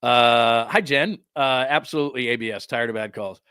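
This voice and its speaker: A man's voice: medium pitch, normal speed, bright, forceful tone, clear, resonant tone, no echo, clean studio sound. A man hosting a sports talk show, ranting heatedly and sarcastically, mocking others with put-on quotes. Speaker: sports radio host.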